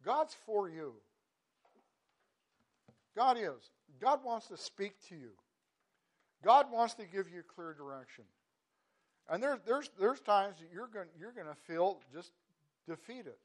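A man preaching a devotional sermon in an earnest, halting way, stopping and restarting often, then rising into emphatic bursts. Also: high-pitched, expressive. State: choked up. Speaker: pastor.

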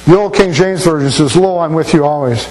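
An older man preaches in a folksy, storytelling way, stumbling over and repeating words as he gathers his thoughts. His voice sits a little high for a man, and a faint electrical hum runs under the recording. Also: brisk, a little mellow, poor audio. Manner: folksy, anecdotal, repeats words while thinking. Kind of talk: sermon.

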